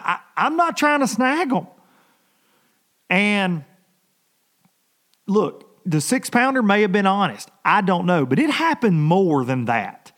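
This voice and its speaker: Animated high-pitched man ranting. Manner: animated, exasperated storytelling with folksy phrasing. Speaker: fishing podcast host. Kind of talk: casual rant.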